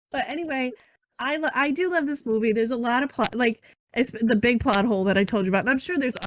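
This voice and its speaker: A middle-aged woman chatting on a podcast, telling animated stories and acting out quotes between bursts of laughter. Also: on the high side, fairly quick, dry recording. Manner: animated storytelling, acts out quotes, laughs often. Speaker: guest reviewer. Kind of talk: casual podcast chat.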